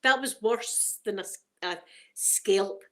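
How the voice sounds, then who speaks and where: A woman's voice: mid-range voice, slow pace. A middle-aged woman with a Glaswegian Scottish accent, hosting a casual ASMR chat and rambling through stories full of local slang. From Scotland. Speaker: ASMR channel host.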